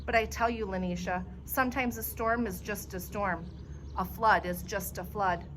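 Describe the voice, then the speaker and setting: A woman voicing a frail old grandmother who speaks gently and soothingly, in a storybook reading. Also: mid-range voice, fairly even intonation, normal speed, background noise, lightly acted.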